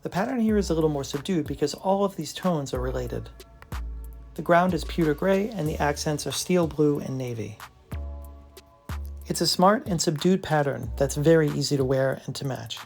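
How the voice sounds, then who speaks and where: A gravelly-voiced presenter narrates from a script at an ordinary mid pitch. The delivery is enthusiastic and admiring throughout. Soft background music plays faintly behind the voice. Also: expressive, normal speed. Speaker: brand presenter.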